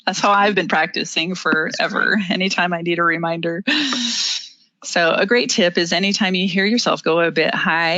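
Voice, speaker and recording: A presenter teaching interview skills in a webinar, explaining each step clearly with the odd filler and small laugh. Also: mid-range voice, pushed and bright, no room sound, lo-fi sound. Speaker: webinar presenter on body language. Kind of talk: instructive presentation.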